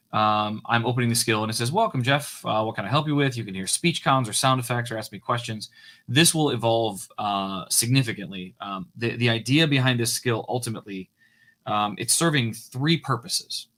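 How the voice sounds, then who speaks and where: A man's voice: medium pitch, moderate pace, fairly bright tone. A man walking viewers through his code on a live coding stream, casual and hesitant, with frequent fillers and restarts.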